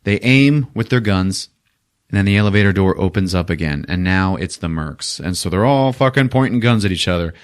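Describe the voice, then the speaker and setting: A man hosting a podcast, retelling a movie plot in a loose, profane, animated way and laughing at his own jokes. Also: low-pitched, fairly quick, clear, resonant tone. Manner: profane, animated retelling with sudden character voices. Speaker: podcast host. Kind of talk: casual movie recap.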